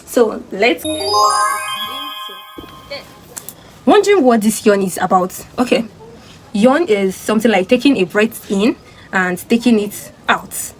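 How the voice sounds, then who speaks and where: A young woman, hosting a casual educational vlog and explaining physiology in a chatty, animated way. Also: mid-range voice, takes it slowly, long pauses, music in the background, poor audio. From Nigeria. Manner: chatty and animated, acting out sleepy voices and sighs. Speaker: student host of a physiology channel.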